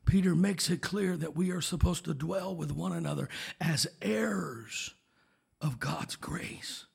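A man preaching a sermon, rising to shouts and dropping to near whispers, with call-outs to his congregation. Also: a little high, unhurried, creaky, breathy edge. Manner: swings from shouted exhortation to hushed, near-whispered asides. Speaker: pastor.

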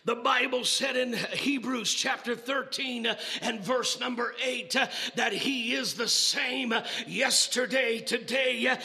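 A man preaching a sermon, building to shouted exclamations with many "uh" and "amen" fillers. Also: extremely high pitch, a little slow, creaky, few pauses.

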